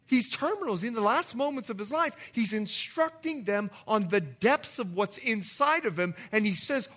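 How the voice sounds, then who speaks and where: A man preaching a sermon as pastor, telling a story with jokey asides and swinging between loud and hushed delivery. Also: sits high, lively intonation, normal speed, hardly any pauses.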